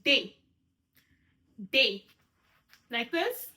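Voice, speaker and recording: Bright, high-voiced woman teaching signs. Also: very animated, drawn-out words. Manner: patient, repeats each sign word, checks in with "right?". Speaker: sign language teacher. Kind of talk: step-by-step instruction.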